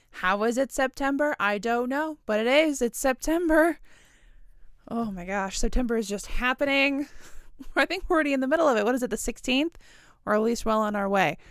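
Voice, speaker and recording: A young woman chats alone into her podcast mic, wandering from thought to thought with little self-mocking giggles. Her voice sits a bit high and sounds smooth and clear, recorded close and dry with no room sound. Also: no room sound. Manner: rambling, giggly, self-deprecating. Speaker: podcast host. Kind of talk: casual solo podcast chat.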